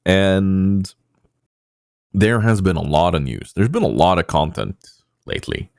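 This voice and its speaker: A man's voice: sits low, animated, unhurried, a little mellow, no room sound, studio quality. A man hosting a casual podcast, rambling with many fillers and poking fun at himself. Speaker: podcast host.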